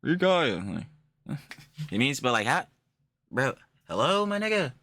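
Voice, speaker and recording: A man hosting a casual reaction stream, animated and profane, repeating himself for emphasis. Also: medium pitch, unhurried.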